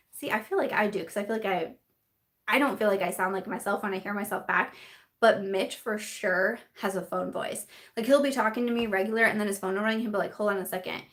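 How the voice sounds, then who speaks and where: A young woman hosting a casual live-stream chat, bubbly and giggly, full of fillers and laughter as she reads viewer comments. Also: mid-range voice.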